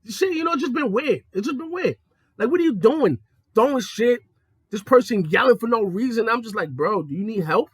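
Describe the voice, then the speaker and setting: A young adult man telling profane stories in a casual monologue, jumping between high excited tones and low mocking ones. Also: a little fast, slightly rough, dry recording, studio quality. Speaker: podcast host.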